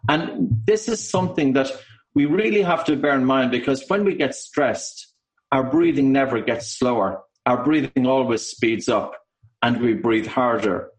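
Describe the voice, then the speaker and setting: A man with an Irish accent, an author and breathing coach, explaining his subject in a measured way during an interview. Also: medium pitch, poor audio. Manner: measured, explanatory, with occasional ums.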